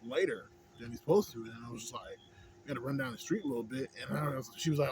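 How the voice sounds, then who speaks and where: A Houston, Texas vlogger rants rapid-fire to camera in a loose, profane monologue, circling back on his points and checking in with "you know what I'm saying." His middle-pitched voice carries a faint hiss of noise behind it.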